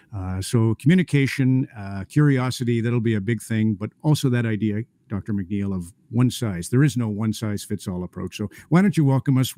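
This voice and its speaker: A middle-aged man, moderating a panel and telling relaxed anecdotes with many filler uhs. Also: lowish voice, no room sound. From Canada. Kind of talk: casual storytelling.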